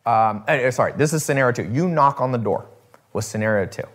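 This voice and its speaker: A man's voice: mid-range voice, lively intonation, fast. Guy hosting his show, talks loose and rambly, swears a lot, does little voices for people he quotes. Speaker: host. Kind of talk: casual talk to viewers.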